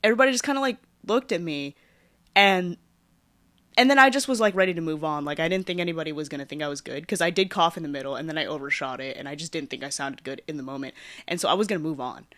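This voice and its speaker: On her own podcast, a woman recounts something personal in a loose, rambling way, full of fillers and lively vocal shifts. Her low-pitched voice moves fast, and there is no echo.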